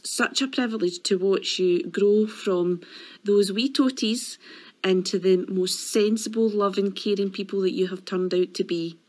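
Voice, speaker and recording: A woman teacher giving a warm, proud, steady farewell speech to leaving pupils. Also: mid-range voice.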